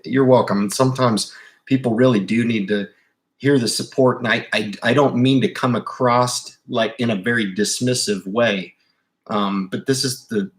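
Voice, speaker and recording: A man hosting a livestream about investing, talking casually and emphatically, often restarting his sentences. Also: on the low side. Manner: rambling, emphatic, with repeated restarts; insistent advice to viewers. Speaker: investing channel host.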